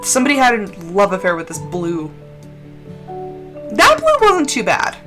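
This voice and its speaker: A woman streaming a game, chatting casually and rambling off on tangents in an expressive way. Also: medium pitch, unhurried, over music. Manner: animated and expressive. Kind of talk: casual gameplay chat.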